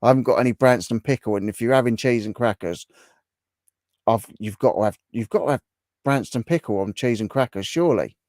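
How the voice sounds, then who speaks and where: A middle-aged Englishman chats away on his livestream, reading out and answering viewers' comments as he goes. His voice sits at an ordinary pitch and sounds close and dry, with no room around it. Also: a little fast, a little mellow, no room sound. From England. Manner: chatty, reacting to viewer comments. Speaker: livestream host. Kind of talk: casual live chat.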